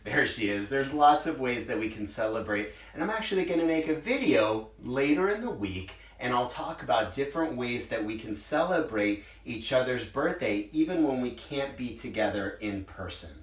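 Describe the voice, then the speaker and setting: A man's voice: mid-range voice, recorded from a distance. Upbeat man in his forties teaching preschoolers. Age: 40s. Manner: upbeat, simple words for small children. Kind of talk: virtual circle time for young children. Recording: roomy echo, from the mic, with guitar.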